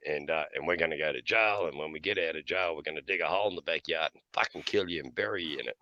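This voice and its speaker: A man's voice: extremely low pitch, fast, bright, forceful tone, no room sound, lo-fi sound. A middle-aged man telling blunt, profane stories in casual chat, often laughing between lines. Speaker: podcast host.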